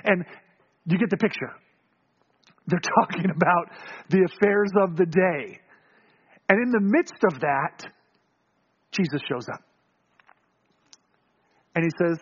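A male pastor preaching a sermon, telling the story with animated acting-out of voices and frequent chuckles. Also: high-pitched, a little slow, long pauses, husky, lo-fi sound.

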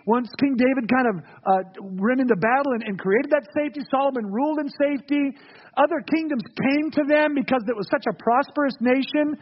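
A man's voice: extremely high pitch, dull audio. A man preaching a sermon as pastor, casual and joking, and calling the congregation to repeat phrases with him. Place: church sanctuary.

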